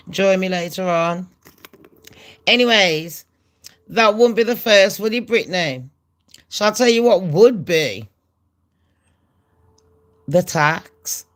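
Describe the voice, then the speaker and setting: A woman's voice: medium pitch, expressive, slow, long pauses. A middle-aged woman with a nasal voice, hosting a gossip vlog in a brash, sweary, chatty way. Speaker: gossip channel host.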